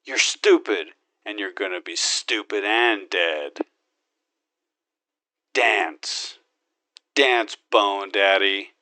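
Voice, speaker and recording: A man's voice: fairly low pitch, animated, extremely slow, pauses often, pushed and bright, no echo, exaggerated voice. A man voicing a cocky, gun-loving male space marine hero who brags, wisecracks and makes his own gun sound effects in an in-character game monologue.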